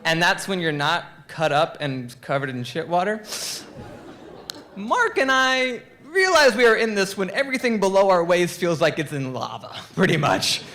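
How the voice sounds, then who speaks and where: A man from Pennsylvania telling a comic true story on a live stage, animated, acting out quotes and peppering it with "like". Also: high voice, moderate pace. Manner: animated, acts out quotes, many "like"s.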